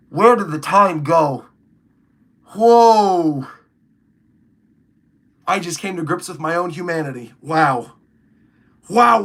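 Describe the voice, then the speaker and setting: A man's voice: on the high side, gravelly, a bit bright. A young man chatting casually on a livestream, rambling through his thoughts and reading viewer comments aloud. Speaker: streamer reacting to a comic chapter.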